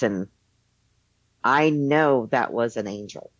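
A woman's voice: extremely low pitch, takes it slowly, pauses often, no room sound. A woman telling a personal story in a casual, rambling way, full of fillers and restarts. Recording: dull lo-fi dry sound.

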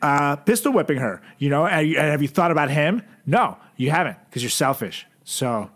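A man co-hosting a comedy podcast, rambling in a deadpan, sarcastic way with lots of restarts. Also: on the high side, normal speed. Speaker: podcast co-host.

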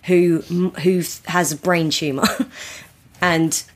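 Speaking slowly in a fairly low voice with fairly even intonation, a British woman comedian chats casually as a podcast guest from across the ocean. She laughs a lot and sometimes does comic voices of movie characters.

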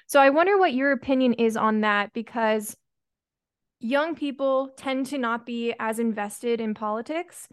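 A woman's voice: fairly high pitch, clear, resonant tone. A woman hosting a podcast interview, reflecting in a casual way and asking her guest open questions. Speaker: podcast host.

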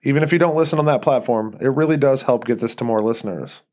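Podcast host narrating horror fiction, measured and even, mid-range male voice. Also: medium pitch. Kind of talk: scripted narration of a horror story.

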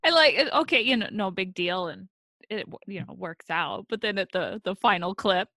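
A woman's voice: medium pitch, expressive, normal speed, bright, forceful tone, dry recording, studio quality. A woman in a casual chat, giving short agreeing replies and laughing.

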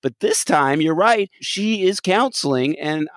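A man co-hosting a casual chat. He rants with energy, laughs easily, and talks in a somewhat high voice, recorded close and dry with no room sound. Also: animated, a little slow, a bit bright, no echo. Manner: enthusiastic, ranting, laughs often. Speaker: podcast co-host. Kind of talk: casual chat reviewing a TV episode.

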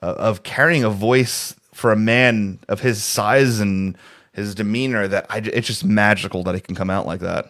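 A man's voice: lowish voice, fairly even intonation, normal speed, fairly bright tone. A man co-hosting a casual podcast chat over a video call, rambling with many restarts. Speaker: podcast co-host.

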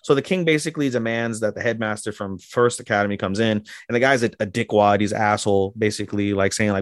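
An anime podcast host chats casually and swears a lot as he recaps episodes in a rambling way, full of fillers and restarts. His voice is on the low side and quick with few pauses, captured at studio quality without echo.

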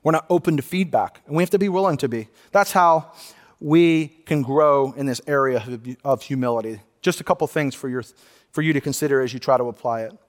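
A man's voice: medium pitch, brisk, big-room sound. A man who is a pastor, preaching a sermon in an earnest, conversational way and often restarting his sentences. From United States. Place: church sanctuary.

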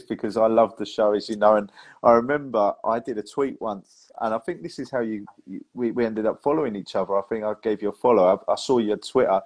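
A man hosting a casual podcast, talking with eager enthusiasm and stumbling restarts. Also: lowish voice. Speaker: podcast host.

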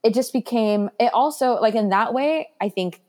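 A woman's voice: on the high side, normal speed, a little mellow. A young adult woman giving a candid interview about her past, talking in an earnest, reflective way with many small fillers. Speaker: guest sharing her foster care story.

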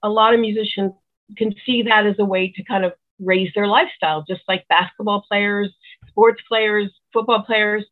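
A woman's voice: medium pitch, fairly even intonation, normal speed. A woman musician giving rambling, earnest advice in casual chat, heard over a tinny phone-like line. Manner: rambling, earnest, many restarts. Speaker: musician guest.

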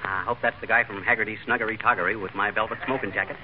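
An actor playing a boastful, wisecracking middle-aged husband in 1940s radio comedy, brash and joking. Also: male voice, on the low side, steady tone, very fast, lo-fi sound, lightly acted. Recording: scratchy 1940s radio broadcast, loud hiss.

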